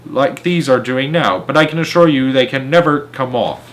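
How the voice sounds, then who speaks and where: A man's voice: medium pitch, normal speed, fairly bright tone, slight background noise, natural voice. A man voicing a huge, bullying headmistress who bellows and sneers at a pupil, in a storybook reading. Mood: bellowing scorn. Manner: bellowing, scornful. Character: huge fierce female headmistress, bullying and domineering.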